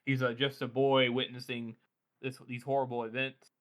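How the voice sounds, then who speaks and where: A man's voice: mid-range voice, level tone, moderate pace, fairly bright tone. A man co-hosting a podcast, talking about a book in an earnest, rambling way. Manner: earnest, rambling, with many "like" fillers. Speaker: podcast co-host. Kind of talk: casual book discussion.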